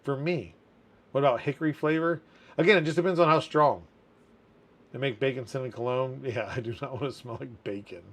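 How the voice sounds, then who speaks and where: A man's voice: mid-range voice, fairly quick, a bit bright. A man in his thirties hosting a casual livestream chat, reading viewer comments aloud and laughing often. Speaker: community manager hosting a livestream.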